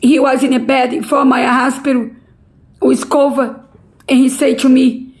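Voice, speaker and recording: A middle-aged woman making an impassioned, pleading public appeal in halting non-native English. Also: high-pitched, flat delivery, a little mellow, low-quality recording. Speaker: relative pleading a court case.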